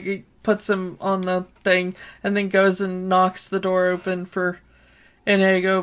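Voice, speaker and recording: Slow-talking woman on a podcast. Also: medium pitch. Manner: unhurried, many fillers like um and you know. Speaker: podcast co-host. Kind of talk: casual chat.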